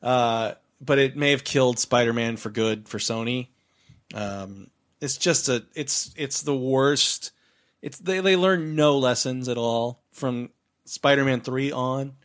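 A man's voice: mid-range voice, takes it slowly. A man co-hosting a movie podcast in casual chat, making dry, sarcastic asides. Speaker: podcast co-host, film critic.

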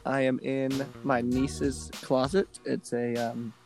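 Gravelly young man rambling. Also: medium pitch, level tone, slow pace, music in the background. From New Orleans area. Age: 20s. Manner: rambling, self-deprecating, stop-start. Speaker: podcast co-host. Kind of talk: casual podcast banter. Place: small closet in a house.

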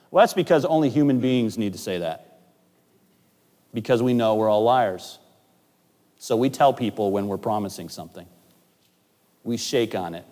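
Male pastor, sermon delivery, mid-pitched voice, loud emphases and quiet asides, hall echo. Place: church sanctuary. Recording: long church hall reverb.

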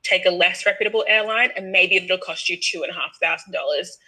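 Bright-voiced young Australian woman. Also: lowish voice, a little fast, rough recording. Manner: lively, laughing, acts out quoted voices. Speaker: podcast guest. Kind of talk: casual storytelling.

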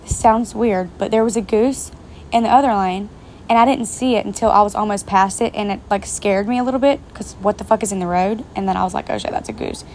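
With a medium-pitched, slightly mellow voice and a brisk delivery, a young woman vlogs a story straight to camera, talkative and profane. Faint rain falls in the background alongside slight noise.

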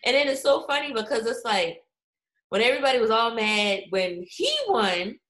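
Woman, high voice, animated casual chat, profane and quick to laugh.

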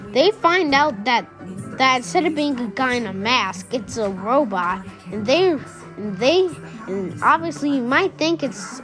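A woman casually retelling a cartoon episode she made up, rambling and correcting herself, with exasperated asides. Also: on the high side. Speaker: storyteller. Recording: music playing underneath.

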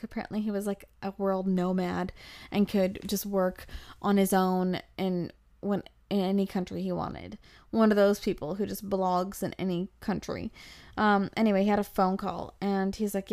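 A woman in her twenties who hosts a podcast, telling a travel story in a lively, breathless way and acting out the quotes. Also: mid-range voice, moderate pace. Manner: animated, breathless, acts out quotes. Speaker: podcast host. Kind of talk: casual storytelling.

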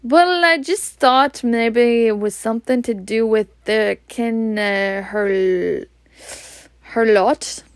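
A fussy, jumpy middle-aged husband in a storybook, put on by a woman reading aloud. He speaks haltingly with a Scottish accent, slow and careful. The sound is dry and close. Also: fairly high pitch, no echo. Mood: nervous. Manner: hesitant, edgy.

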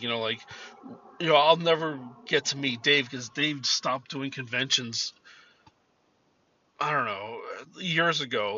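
A man's voice: medium pitch, sharp tone, no echo, lo-fi sound. A man in his fifties hosting a podcast, telling personal stories in a rambling, profane way with many restarts. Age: 50s. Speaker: podcast host. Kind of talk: casual personal storytelling. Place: in a car.

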